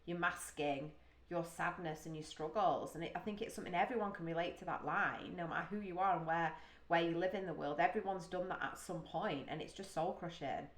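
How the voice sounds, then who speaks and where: A British woman from the UK hosts a music reaction video, speaking a little fast in a fairly low voice. She talks casually and emotionally, thinking out loud with gasps and sighs, and the recording has a roomy echo.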